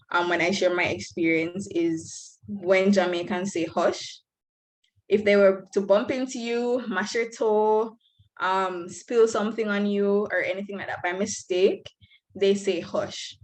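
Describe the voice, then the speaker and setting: A young woman talks to newcomers in a frank, earnest way over a video call. Her voice is mid-pitched for a woman, and she speaks plainly, with light laughs between points. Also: low-quality recording. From Belize. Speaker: student speaker at an orientation. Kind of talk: frank advice talk.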